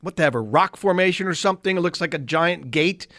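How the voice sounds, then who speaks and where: A man in his sixties, a radio co-host, telling a self-mocking story in casual, animated chat. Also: on the high side, fast, dry recording, clean studio sound.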